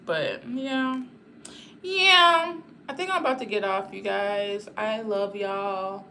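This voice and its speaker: A woman's voice: medium pitch, unhurried, vocal fry. Woman livestreamer, mid-range voice, rambling and blunt, addresses chat directly; faint background noise. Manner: rambling, talks straight to her viewers; blunt and outspoken.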